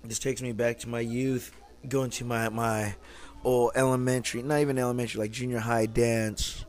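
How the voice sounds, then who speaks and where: A man's voice: medium pitch, little pitch movement, normal speed, soft background music. A young man from California hosting a casual solo podcast, talking in a laid-back, slangy and profane way. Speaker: podcast host.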